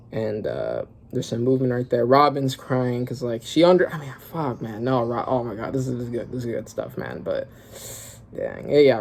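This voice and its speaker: A young man reacting casually to a comic while reading it aloud, excitable and slangy, thinking aloud with lots of fillers. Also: mid-range voice, vocal fry. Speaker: manga reaction creator.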